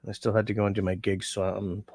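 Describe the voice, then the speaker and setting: Tired, gravelly low-voiced man. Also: level tone, fast, darkish tone, no room sound, studio quality. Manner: rambling, reads out chat comments. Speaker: livestream host. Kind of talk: casual livestream chat.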